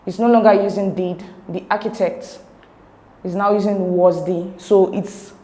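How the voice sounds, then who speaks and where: A woman tutor explaining exam answers step by step, slowly breaking words into syllables. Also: medium pitch, steady tone, warm tone. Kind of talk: explanatory lesson walking through exam answers.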